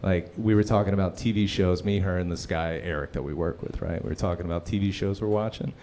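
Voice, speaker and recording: A man doing live stand-up on a comedy club stage, telling stories in an animated, profane way with frequent asides to the crowd. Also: low voice, quick pace, a little hiss or hum.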